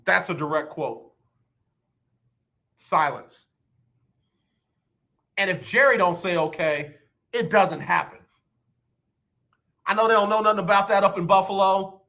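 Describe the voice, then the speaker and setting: A man's voice: sits high, normal speed, gravelly, pauses often, sharp tone. A man hosting live sports talk radio, joking and repeating his points for effect into a studio microphone.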